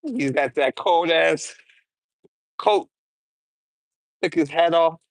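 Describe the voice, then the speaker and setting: A young man streaming from his garage, chatting casually and excitably in slang, often breaking into impressions and humming. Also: fairly high pitch, slow pace, no echo.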